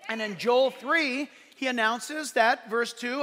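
A pastor preaching a sermon, emphatic and joking, often building to shouts. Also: male voice, very high voice, lively intonation, normal speed, hardly any pauses, long reverb tail.

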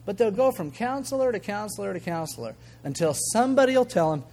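An older man gives a sermon as a pastor, his high-pitched voice moving quickly with few pauses. He tells stories conversationally and with energy, playing out quoted voices and letting out chuckles.

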